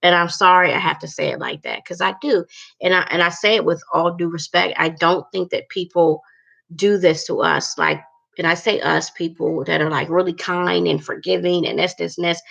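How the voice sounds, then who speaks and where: A woman's voice: fairly low pitch, steady tone, moderate pace, creaky, a bit bright. A woman talking candidly and bluntly to her viewers in a casual vlog, cursing freely and using lots of fillers. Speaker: vlogger.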